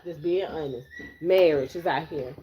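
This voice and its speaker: A woman's voice: deep voice, normal speed, very noisy. A woman giving a blunt, repetitive live tarot reading, talking straight to her viewers. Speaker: tarot reader.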